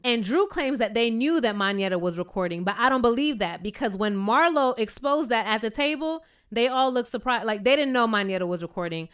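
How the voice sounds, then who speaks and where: A young woman recapping a reality show in a chatty, sassy way, acting out the cast's quotes in higher voices. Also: animated, brisk, few pauses, a bit bright, clean tone. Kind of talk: casual recap commentary.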